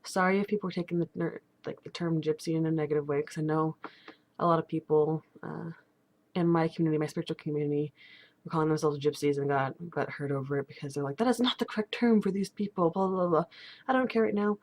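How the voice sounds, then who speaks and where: A woman's voice: deep voice, steady tone, quick pace, darkish tone. A young woman chatting casually at home in a rambling vlog, full of fillers and restarts. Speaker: steampunk vlogger.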